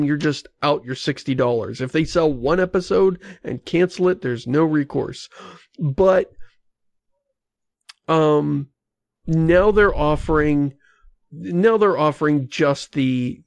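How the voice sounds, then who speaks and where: A man's voice: a little high, measured pace, gravelly, a little mellow, no room sound. A man hosting a podcast, chatting casually and reading listener mail aloud. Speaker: podcast host. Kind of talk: casual chat.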